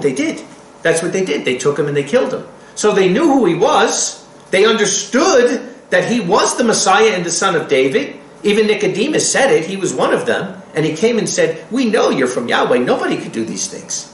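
Animated preacher with a lively voice. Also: male voice, high voice, echoey room, a little hiss or hum, low-quality recording. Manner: animated, acts out quotes. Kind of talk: sermon.

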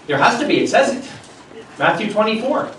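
A man's voice: sits high, fairly quick, distant mic, slight background noise. A man preaching a sermon, reading scripture aloud with rising intensity and then explaining it in plainer talk. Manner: animated, rises loudly when reading scripture. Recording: echoey room, speaker off-mic.

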